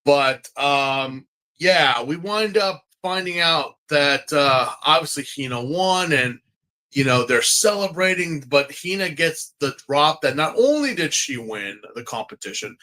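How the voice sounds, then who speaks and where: Casual podcast co-host, male, bright edgy tone, rambling and chatty. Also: on the high side, animated, measured pace. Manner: rambling, chatty, lots of fillers and restarts. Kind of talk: casual chat.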